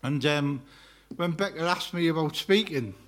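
Fast-talking man preaching. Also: on the high side, a bit bright. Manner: chatty and joking, talks fast. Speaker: guest preacher. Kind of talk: sermon-style personal testimony. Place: church carol service before a live congregation. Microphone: handheld microphone.

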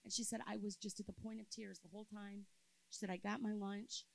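A woman in her fifties giving a sermon at a church camp, telling a personal story and moving between loud emphasis and soft, quiet passages. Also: medium pitch, little pitch movement, fairly quick, vocal fry, rough recording.

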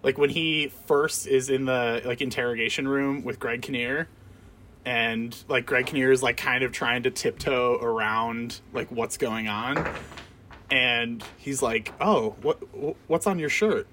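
A man co-hosting a casual podcast, sharing his take on a film in a relaxed, rambling way and often laughing. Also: mid-range voice, unhurried, slight background noise. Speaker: podcast co-host.

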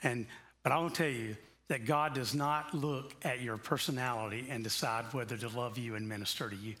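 A pastor preaching a conversational sermon in a church, moving between easy asides and passionate emphasis. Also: male voice, medium pitch, fairly even intonation, a little fast, fairly bright tone. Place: church sanctuary.

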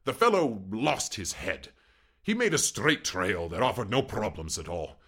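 A man's voice: fairly low pitch, big pitch swings, a little slow, a bit bright, husky, exaggerated voice. A man voicing a suave, menacing aristocratic Cossack general in an audiobook reading, with a courtly, mocking manner.

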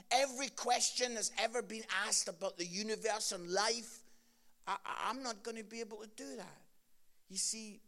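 Gravelly Scottish man preaching. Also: very high voice. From Scotland. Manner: tells funny stories with loud laughing peaks, then drops to quiet earnest appeals. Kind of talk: sermon with comic storytelling.

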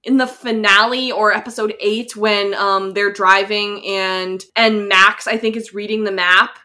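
A woman's voice: mid-range voice, steady tone, measured pace, bright, forceful tone. A young woman co-hosting a podcast, chatting casually with lots of filler words. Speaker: podcast co-host. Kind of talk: casual chat recapping a show.

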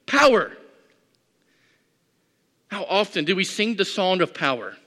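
A man's voice: sits high, expressive, a little fast, sharp tone. A man preaching a sermon, repeating words as he builds in intensity. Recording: echoey hall.

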